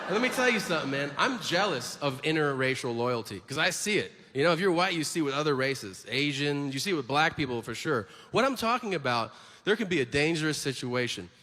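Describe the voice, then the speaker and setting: A man performing a stand-up comedy set, telling stories in a brash, profane, animated way, recorded in an echoey live hall with noise behind. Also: fairly high pitch, brisk.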